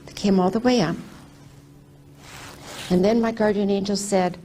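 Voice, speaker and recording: An older woman telling a personal faith testimony, retelling it animatedly with lively quoted speech. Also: medium pitch, moderate pace, slight background noise. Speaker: testimony speaker.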